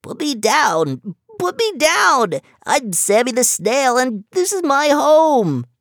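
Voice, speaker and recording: A woman voicing a small panicked male snail who squeals and yells in a high, drawn-out voice. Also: big pitch swings, no echo, clean studio sound, full character voice. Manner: yelling slowly and shrilly.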